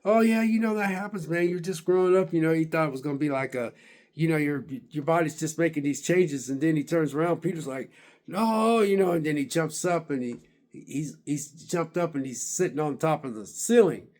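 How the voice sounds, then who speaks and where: A man with a somewhat higher voice recaps a game he finally finished. He rambles casually, full of "uh" and "you know," backing up and restarting his sentences. His excitement comes through as he pushes to get the whole story out. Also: brisk. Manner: excited and emphatic about finishing. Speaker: gaming vlogger.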